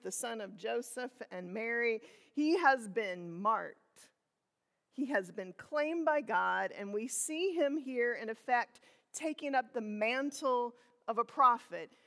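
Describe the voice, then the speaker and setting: A woman pastor preaching a sermon, slow and reflective, asking her listeners questions. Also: fairly high pitch, a bit bright, big-room sound.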